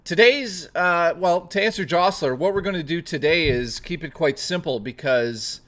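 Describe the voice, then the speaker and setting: A man's voice: a little high, normal speed, a bit bright. Joking, rambling male streamer. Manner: talks to chat readers by name. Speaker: livestream host. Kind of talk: casual chat stream.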